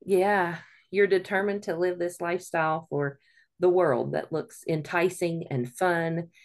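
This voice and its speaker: A woman's voice: fairly low pitch, steady tone, a little slow. A woman hosting an interview, asking questions and affirming her guest often. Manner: supportive, frequent affirming backchannels. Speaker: podcast host.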